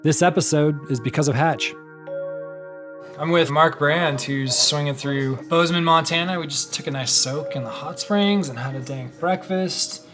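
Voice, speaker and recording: A man's voice: fairly high pitch, moderate pace, music in the background. A man hosting a podcast, reading an intro and then chatting casually with his guest. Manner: friendly, relaxed, uses fillers like "like". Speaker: podcast host.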